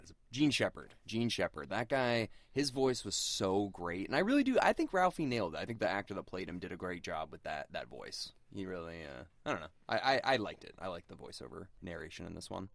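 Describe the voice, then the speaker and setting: Podcast co-host, a man with a lowish voice who swings his pitch a lot, casual chatter full of fillers, dry close sound. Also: vocal fry, no echo. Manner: lots of "like" fillers, animated, leaps up in pitch for quoted lines. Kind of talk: casual film review chat.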